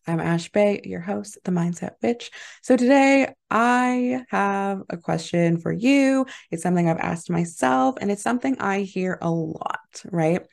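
A woman hosting her own podcast in a casual, motivational monologue, sprinkling "like" and "right?" through her talk. Her voice sits in a middle register and carries a noticeable gravelly fry. She sounds upbeat and encouraging, and laughs easily. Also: medium pitch, expressive, a little slow, hardly any pauses, a little mellow. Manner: chatty, filler-heavy, lots of "like" and "right?". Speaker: podcast host and mindset mentor.

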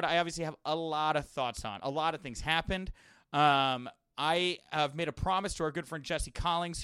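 A young man hosting a podcast, telling rambling, animated anecdotes in a casual monologue. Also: a little high, clean tone, no room sound, clean studio sound. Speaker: wrestling podcast host.

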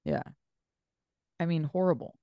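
A woman co-hosting a casual podcast chat about reality TV, animated and swearing, acting out quotes. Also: low voice, unhurried, creaky, dry recording, dull audio. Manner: animated, swearing, acts out quotes of cast members. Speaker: podcast co-host.

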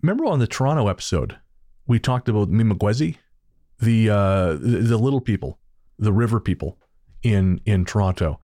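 Low voiced guy joking around on a podcast, dry recording, swears casually. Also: animated, moderate pace, dark tone, no echo. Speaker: podcast co-host. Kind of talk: casual chat.

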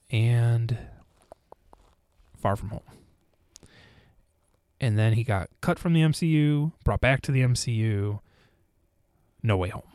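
A man's voice: mid-range voice, warm tone, smooth, dry recording, clean studio sound. A man chatting casually about movies on a podcast, rambling with restarts and now and then putting on silly voices for quotes. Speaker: podcast co-host.

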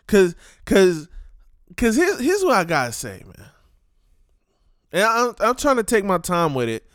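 A man's voice: high-pitched, huge pitch swings, unhurried, fairly bright tone, no echo, clean studio sound. A man giving a casual, ranting monologue full of repeated rhetorical questions and streetwise slang.

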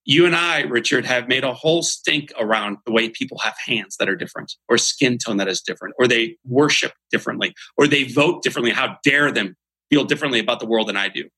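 A man's voice: mid-range voice, fast talker, sharp tone, husky, poor audio. A man, a guest on a podcast, giving motivational interview talk in an earnest, emphatic, almost preacher-like way.

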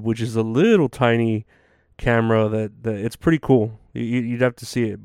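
A man's voice: medium pitch, darkish tone, smooth, no room sound, clean studio sound. A tired man hosting a casual solo podcast, rambling and swearing with lots of fillers and restarts. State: tired, yawning. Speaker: podcast host.

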